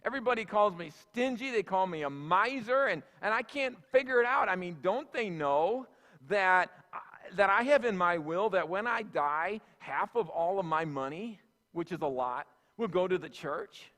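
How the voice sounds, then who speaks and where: A man's voice: sits high, animated, normal speed, fairly bright tone, long reverb tail. A man voicing a stingy rich small-town man in a sermon story, asking in baffled, pleading tones why nobody likes him.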